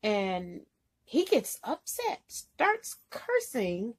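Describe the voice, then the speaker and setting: A woman truck driver tells her viewers a story in a loose, rambling vlog style, full of "you know". Her voice sits a little high and sounds husky. She speaks with feeling and circles back on her points. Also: huge pitch swings, slow.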